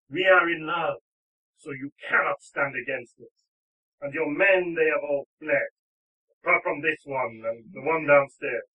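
A man's voice: a little high, sharp tone, slightly rough, exaggerated voice. A man voicing a pompous, passionate young male lover who makes grand, declaiming speeches in a tabletop game. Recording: tinny phone-like line.

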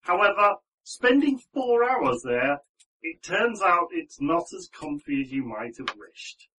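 A man's voice: on the high side, sing-song, a little slow, bright, forceful tone, recorded from a distance, low-quality recording. A man narrating as the game master, rambling along with frequent ums and restarts.

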